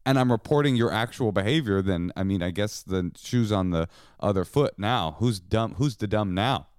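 A man's voice: fairly low pitch, expressive, normal speed, clean tone, no room sound, studio quality. A man co-hosting a podcast, bickering with his wife in a sarcastic, mock-indignant comedic chat. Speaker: podcast co-host.

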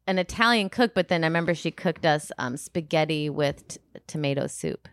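A woman's voice: low-pitched, animated, a little fast, fairly bright tone, no echo. Woman cohost rambling through a funny story, dry close mic. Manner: chatty storytelling, laughing. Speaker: podcast co-host. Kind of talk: casual comedic chat.

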